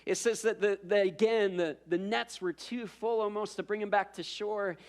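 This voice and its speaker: A man's voice: high-pitched, fairly even intonation, normal speed, clear, resonant tone. A man preaching a sermon as pastor, telling a story in a conversational way with self-deprecating asides and repeated words as he builds up.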